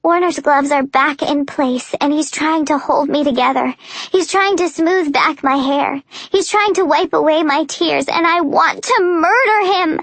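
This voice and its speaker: A young woman reads a first-person audiobook with emotive, breathless intensity. Her voice sits high and bright in pitch, recorded dry and close with no room sound at all. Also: a little slow, dry recording. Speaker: audiobook narrator.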